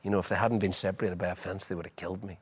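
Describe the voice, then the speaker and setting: A middle-aged man, a former footballer telling lively anecdotes as a guest, full of "you know". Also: sits low, racing, breathy edge. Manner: chatty, leans on "you know", acts out scenes. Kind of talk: animated anecdotal storytelling.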